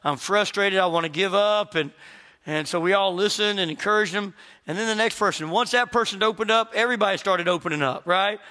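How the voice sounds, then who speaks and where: Pastor guy preaching, high bright voice, lots of storytelling, echoey church sound. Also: quick pace. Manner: animated storytelling, acts out quoted voices. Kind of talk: sermon.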